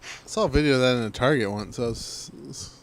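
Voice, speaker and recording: A man's voice: medium pitch, fast. A man co-hosting a podcast, swapping crude jokes and retelling stories with exaggerated voices. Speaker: podcast co-host. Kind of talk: casual crude banter.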